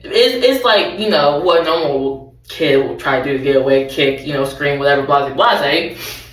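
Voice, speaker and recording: A woman's voice: mid-range voice, a bit bright, recorded from a distance. A young adult woman recapping a TV show in a casual, rambling way, correcting herself and adding laughing asides. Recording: roomy, off-mic.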